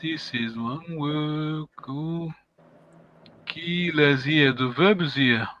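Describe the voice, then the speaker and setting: A man leads a language class over a video call in a slightly high voice, praising students and slowly modelling words. The call audio sounds dull and lo-fi. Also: a bit bright. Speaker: language teacher. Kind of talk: online language lesson.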